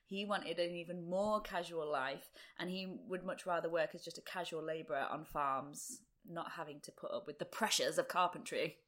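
A young woman hosting a true-crime podcast, chatting fast and laughing often. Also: on the low side, steady tone, a bit bright. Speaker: podcast host.

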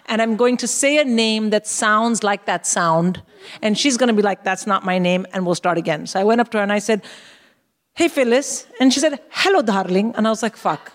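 Wry woman telling a comic story. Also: medium pitch. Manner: animated, wry, acts out dialogue. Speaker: comedian co-host. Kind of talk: stand-up storytelling. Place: live theatre stage.

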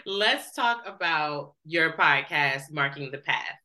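A woman's voice: deep voice, pushed and bright. A woman hosting a podcast, chatty and effusive, with lots of "like" fillers. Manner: chatty, effusive, says "like" a lot. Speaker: podcast host. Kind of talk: casual interview chat.

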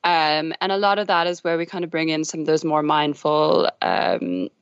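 A woman guest on a podcast, answering in a measured, explanatory way with frequent fillers. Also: low voice, clean tone, dry recording, muffled recording. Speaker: podcast guest, sexual wellness founder. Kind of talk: conversational interview answers.

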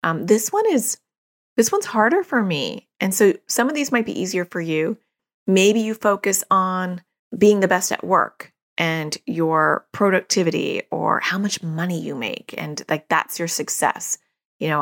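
A middle-aged woman hosting a parenting podcast, speaking in a lowish register with a gravelly fry running through her voice. She talks casually and candidly, sharing her own experience with plenty of fillers. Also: lively intonation, moderate pace. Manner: chatty, self-disclosing, with frequent fillers and laughs. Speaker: podcast host and parenting therapist. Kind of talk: casual advice monologue.

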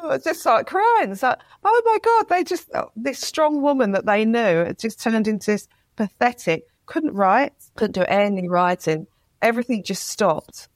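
A woman's voice: fairly high pitch, moderate pace, no room sound. A woman, a writer speaking as an interview guest, retelling her experience with feeling and acting out quotes. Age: 50s. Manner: emotional, animated retelling with acted-out quotes. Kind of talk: candid interview talk.

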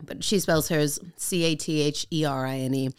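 A woman comedian chatting on a podcast, telling a story in an animated way, acting out what people said and swearing freely. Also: deep voice, moderate pace, smooth. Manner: animated storyteller who acts out quoted voices. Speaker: guest comedian. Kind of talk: casual comedy podcast chat.

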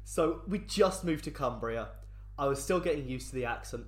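Lively, jokey podcast co-host. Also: medium pitch, normal speed. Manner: jokey, self-mocking, bursts of laughter. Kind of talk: casual chat.

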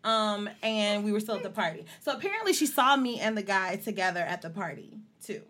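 A young woman co-hosting a podcast, telling stories bluntly in a casual, animated chat. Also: mid-range voice, a little fast. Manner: blunt, animated storytelling with profanity. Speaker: podcast co-host.

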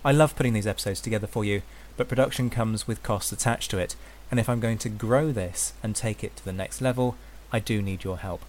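A man's voice: on the low side, brisk, a little hiss or hum. A man reading a podcast supporter appeal in an earnest, grateful tone. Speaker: podcast host. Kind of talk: read sponsor appeal.

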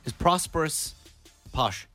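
Man, radio host, bright and forceful tone, slightly high voice, jokey teasing banter. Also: lively intonation, slow, soft background music.

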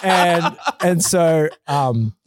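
A man's voice: a little high, drawn-out words, no echo. Man joking freely in dry-sounding chat. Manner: animated joking storyteller, swears freely. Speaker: podcast guest. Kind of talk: casual chat.

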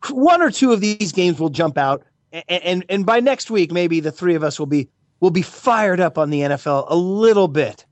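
A man chatting as a guest commentator on a podcast, excitable and rambling, joking as he goes. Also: high-pitched, normal speed, no room sound. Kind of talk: casual podcast chat.

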